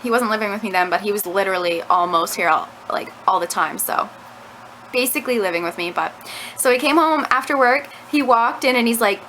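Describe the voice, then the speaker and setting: A young woman vlogs from home, chatting to her camera through a meandering story stuffed with "like". Her medium-pitched voice runs a little fast and a bit bright; the camera mic gives poor audio with slight background noise.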